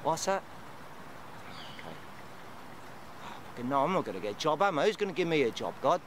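Fast-talking man ranting and swearing. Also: fairly high pitch, sing-song. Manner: swearing constantly, confrontational. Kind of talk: angry street rant. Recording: outdoors with clear traffic noise.

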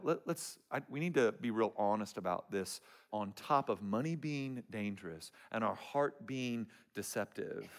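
A man preaching a sermon as pastor, telling stories to the congregation with playful humor. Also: fairly low pitch.

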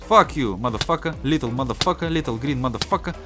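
A man with a Russian accent giving excitable, profane gameplay commentary. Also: medium pitch, quick pace. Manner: excitable, profane trash talk. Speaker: gaming YouTuber. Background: game music.

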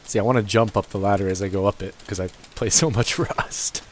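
A man's voice: lowish voice, steady tone, a little fast, a little hiss or hum, low-quality recording. A young man casually commentating his gameplay, cursing and joking at the characters on screen. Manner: profane, joking, talks to the game characters. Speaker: let's play gamer. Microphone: gaming headset.

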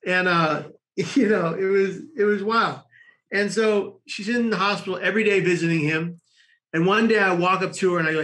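A man, a guest on a talk show, telling a long personal story in an animated way with frequent laughs. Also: sits high, moderate pace. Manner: animated storyteller, laughing often, many restarts. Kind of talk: storytelling in conversation.

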